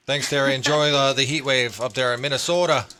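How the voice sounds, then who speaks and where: A man's voice: medium pitch, steady tone, a little fast, sharp tone. A man co-hosting a medical talk radio show in a chatty, rambling way. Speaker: radio co-host.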